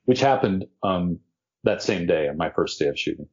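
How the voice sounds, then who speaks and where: A man, an actor, telling animated anecdotes as an interview guest and laughing now and then as he talks. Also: sits low, normal speed, lo-fi sound. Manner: animated storyteller, laughs mid-story.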